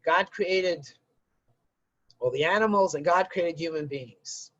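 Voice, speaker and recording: A rabbi giving a conversational religious lesson and telling a story to illustrate it. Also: male voice, fairly high pitch, slow pace, pushed and bright, lo-fi sound.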